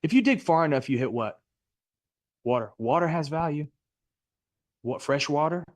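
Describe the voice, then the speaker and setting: A man's voice: a little high, normal speed, dry recording, clean studio sound. A middle-aged man teaching a live real estate license class in a Florida classroom, chatty and jokey, often quizzing his students.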